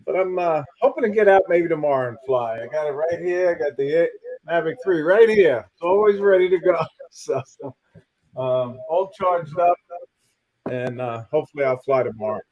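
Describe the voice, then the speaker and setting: A man's voice: on the high side, expressive, normal speed, highs cut off. A man co-hosting a casual drone livestream, chummy and greeting viewers by name. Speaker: co-host.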